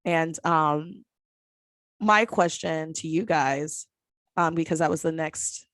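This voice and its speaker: A woman's voice: low voice, slow, a bit bright, no echo. A woman in her twenties hosting a podcast, talking frankly and profanely with frequent laughs and acted-out quotes. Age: 20s. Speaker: podcast host. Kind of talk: candid casual chat.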